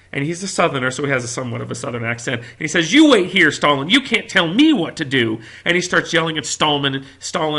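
A man from the United States giving a classroom history lecture with animated storytelling. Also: on the high side. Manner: animated storytelling, acts out quotes. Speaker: history teacher.

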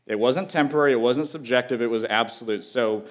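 A man giving a sermon as a guest preacher, talking in an earnest, conversational way with emphatic repetition and dropping to a quiet, low voice on key phrases. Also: brisk.

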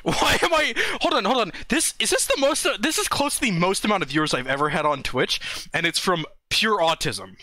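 Young guy streaming, super animated high voice, crude jokes and laughs, webcam mic, bit of music in the back. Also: brisk, no echo. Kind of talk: casual live-stream banter. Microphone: webcam streaming setup.

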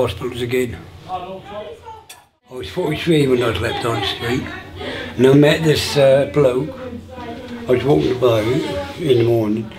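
A man in his sixties tells his life story in a casual, halting way, with many restarts and fillers, and acts out remembered dialogue. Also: mid-range voice. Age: 60s.

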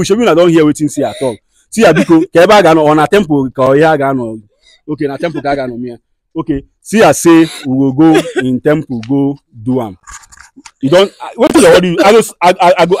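Nigerian man, skit host; rapid, scolding-then-soothing delivery, dry close sound. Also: a little high, a little mellow, no room sound. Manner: fast, scolding and soothing by turns. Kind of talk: comedy skit with direct address.

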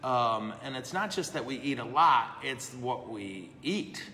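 A man's voice: medium pitch, animated, unhurried, sharp tone. A man, a priest, chatting casually and answering questions live, self-deprecating and laughing often. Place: brewery. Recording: echoey room with long reverb.

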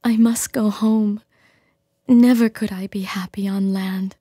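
A woman voicing a gentle, sorrowful young selkie woman in a storybook reading, with a breathy, whispery, tearful, pleading voice. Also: mid-range voice, fairly even intonation, a little slow, dry recording, studio quality, voice pushed up. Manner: pleading, choking back tears. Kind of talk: storybook character voice.

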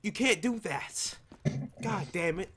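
A man with a high, strained voice yells and swears at other players as he plays. His words come out slow and drawn out. The headset mic is noisy. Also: lively intonation. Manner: shouting, profane, ranting at other players. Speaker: gamer. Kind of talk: raging gameplay commentary.

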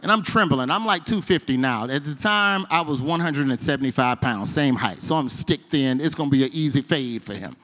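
A man performing stand-up comedy, telling a story and moving from hushed asides to loud punchlines. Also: mid-range voice, fairly quick, hardly any pauses. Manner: animated, shifts between hushed and loud. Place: comedy stage.

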